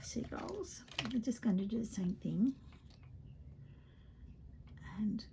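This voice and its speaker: A woman demonstrating card making in a chatty way, often dropping to a soft half-whisper as she works. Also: medium pitch, very animated, takes it slowly, gravelly, a little hiss or hum. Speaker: papercraft demonstrator. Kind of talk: chatty craft tutorial.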